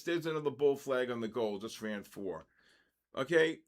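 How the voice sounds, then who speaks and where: A man's voice: medium pitch, expressive, normal speed. Rambling older New man. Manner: rambling, ranting asides between market calls. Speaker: trading session host. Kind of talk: casual live trading commentary.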